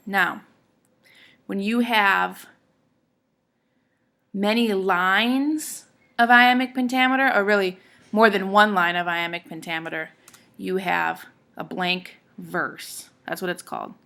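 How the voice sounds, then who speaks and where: A woman's voice: mid-range voice, bright, forceful tone. A woman teacher giving a classroom lecture, explaining step by step in a patient way and often checking in with her students.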